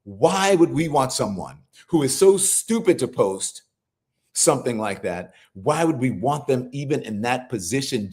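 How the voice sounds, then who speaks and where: A man's voice: medium pitch, expressive, measured pace, a little mellow. A middle-aged man hosting a live political commentary show, scolding and incredulous, swearing freely as he argues. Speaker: host.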